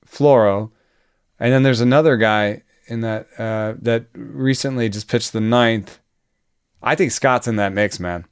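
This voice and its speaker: Smooth-voiced chatty man. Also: fairly low pitch, unhurried, dry recording, studio quality. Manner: chatty, frequent fillers and self-restarts, laughs often. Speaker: baseball analyst. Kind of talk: casual podcast chat.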